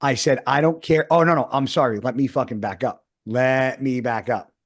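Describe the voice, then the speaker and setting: A man's voice: medium pitch, moderate pace. A man in his thirties, a podcast host, telling a rambling story in casual chat and swearing often.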